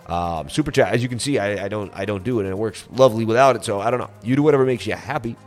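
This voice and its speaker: Male livestream host, lowish voice, casual rambling delivery, faint background music. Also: racing. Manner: relaxed, rambling, many fillers. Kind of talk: casual livestream chat reading super chats. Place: on vacation in Florida.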